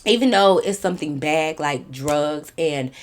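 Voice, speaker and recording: A young woman casually telling a storytime, animated and slangy, swearing freely and dropping to quiet asides. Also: low voice, unhurried. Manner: quiet asides that drop to a whisper.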